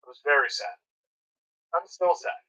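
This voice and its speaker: A man's voice: fairly high pitch, normal speed, bright, forceful tone, highs cut off. A man hosting hockey game commentary, playful and joking, with mock sponsor reads. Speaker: hockey broadcast host. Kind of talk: comedic live game commentary.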